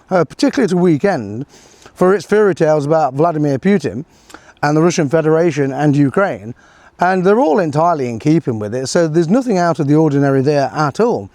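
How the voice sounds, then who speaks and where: A man's voice: on the high side, expressive, a little fast, a little mellow, no echo. A middle-aged man giving a sarcastic, rambling political commentary, full of fillers and chuckles. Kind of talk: casual solo commentary.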